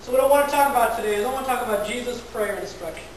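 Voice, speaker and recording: A woman's voice: a little high, very fast, a little hiss or hum. A woman pastor giving a conversational sermon, often repeating words and asking the congregation questions. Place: large echoey church hall. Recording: very echoey church hall from far off.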